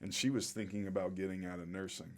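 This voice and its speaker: A man's voice: sits low, little pitch movement, fast, a little mellow. A man in his forties, a podcast guest, telling his story in a reflective, heartfelt and openly emotional way. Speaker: podcast guest, former pro football player. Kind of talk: interview storytelling.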